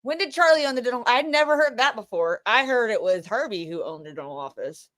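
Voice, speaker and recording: A woman's voice: on the high side, animated, quick pace, fairly bright tone. A woman with a Boston accent giving brash, profane, mocking live commentary on a trial. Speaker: livestream host.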